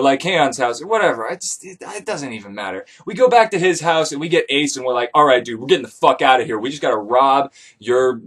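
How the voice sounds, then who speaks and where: A man retelling an ancient tale as casual comedy, irreverent and profane with deadpan asides. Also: fairly high pitch, husky. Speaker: comedic myth storyteller.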